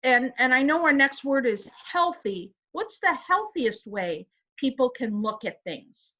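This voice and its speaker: A woman's voice: high-pitched, big pitch swings, a little slow, pushed and bright, muffled recording. A woman co-hosting a casual inspirational chat, earnest and emphatic, who asks rhetorical questions. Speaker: co-host.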